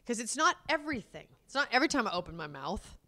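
A woman co-hosting a casual chat, animated and acting out both sides of an argument as she talks. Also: fairly high pitch, quick pace. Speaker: podcast co-host.

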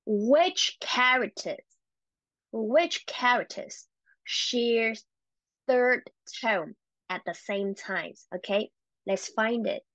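A woman teaching a Chinese language lesson, encouraging and repeating words slowly for learners. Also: a little high, fairly bright tone, dry recording, lo-fi sound.

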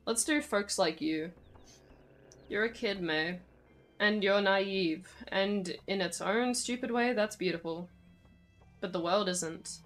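A woman's voice: mid-range voice, slow, faint music behind, natural voice. A woman voicing a stern small-town female police officer in a game, speaking in a cold, warning way. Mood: lecturing.

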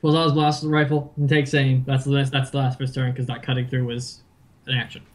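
A man's voice: mid-range voice, flat delivery. A young man running a tabletop game as game master, explaining rules loosely and correcting himself as he goes. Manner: quick, loose rule explanations with frequent self-corrections.

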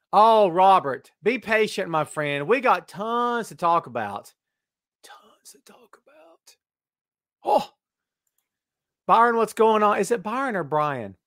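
Greeting viewers by name with jokes and teasing, this middle-aged host runs a wrestling podcast streamed live via webcam. He has a high, slightly bright voice, and the recording is dry and studio quality.

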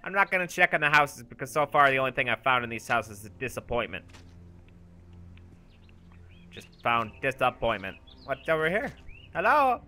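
A man giving goofy, boastful let's-play commentary, shouting when excited, with game music behind. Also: mid-range voice, moderate pace, long pauses. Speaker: gaming channel host.

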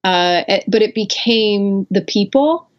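A woman's voice: medium pitch, takes it slowly. A woman guest on a podcast, telling her own story in a candid, reflective way with fillers and restarts. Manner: reflective, with frequent fillers and self-corrections. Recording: dull lo-fi audio.

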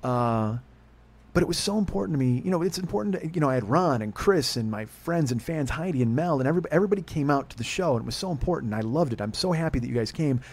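Fast-talking middle-aged man, rambling and profane. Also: medium pitch, husky. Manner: rambling, profane, excitable with acted-out dialogue. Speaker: podcast host. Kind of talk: casual monologue storytelling.

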